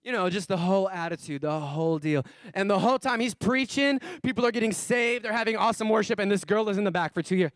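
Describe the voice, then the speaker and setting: This man's voice sits high as he preaches, telling stories that shift between quiet asides and loud, emphatic outbursts, with key phrases repeated slowly to drive them home. The recording is dry and of studio quality.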